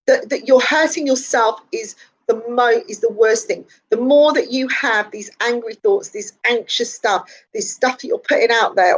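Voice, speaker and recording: A woman, a psychic giving a chatty, encouraging morning pep talk on a live stream, slightly hoarse and laughing often. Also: a little high, rough recording.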